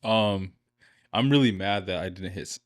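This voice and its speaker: A man co-hosting a podcast, chatting casually in a flat, low-key, monotone way. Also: moderate pace. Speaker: podcast co-host. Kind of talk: casual chat.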